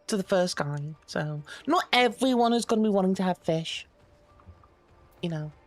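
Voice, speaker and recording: British lady streaming, chatty and playful, bouncy lively pitch. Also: normal speed, soft background music. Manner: chatty, laughing, playful, thanks viewers. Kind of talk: live game stream, reading dialogue aloud.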